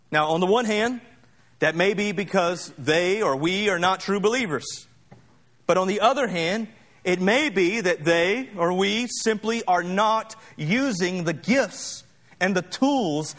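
A pastor preaching a sermon with emphatic repetition and light humorous asides. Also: male voice, sits high, a bit bright.

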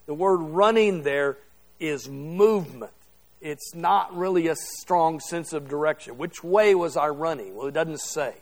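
Man, middle-aged, Bible class teacher, conversational lecture, slightly high voice, checks in often. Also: unhurried. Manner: conversational, keeps checking understanding with "okay?". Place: classroom or church hall with a group.

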